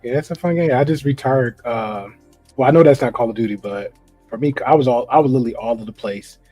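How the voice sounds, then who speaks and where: A man in casual podcast conversation, talking in a relaxed slangy way with lots of restarts and fillers. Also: mid-range voice, fast talker, faint music behind.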